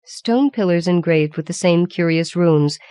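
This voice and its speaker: A woman narrates a fantasy audiobook with a deep, low voice for a woman. Her reading is measured and even, recorded dry and close with no room sound. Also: smooth, dry recording. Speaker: audiobook reader. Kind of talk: scripted narration.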